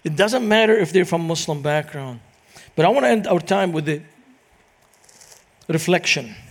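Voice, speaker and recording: A middle-aged man from Lebanon, preaching in a lively storytelling manner as a guest speaker. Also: fairly high pitch, normal speed. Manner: animated, acts out quoted voices in anecdotes. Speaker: guest speaker, Christian minister. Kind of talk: storytelling sermon.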